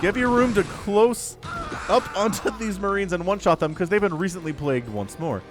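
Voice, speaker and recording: Male esports caster, lively swooping delivery, jokey play-by-play, music bed under voice. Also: sits high, normal speed. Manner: excitable, jokey, animated play-by-play. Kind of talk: solo game commentary.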